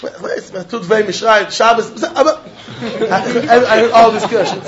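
A high-pitched man gives a Talmud lecture, arguing the text in an animated, probing way. He drills his listeners with pointed questions. The recording sounds dull and lo-fi. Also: moderate pace, over a noisy crowd. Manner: animated, argumentative, mixing Yiddish and Hebrew terms into English; asks students pointed questions. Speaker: Talmud teacher.

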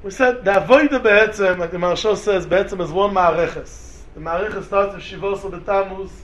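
A man's voice: high voice, fairly quick, highs cut off. Man, rabbi, Torah lecture, rhetorical questions, faint noise behind. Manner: animated, rhetorical questions, mixes in Hebrew and Yiddish terms. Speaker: rabbi teaching students. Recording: echoey room, faint background noise.

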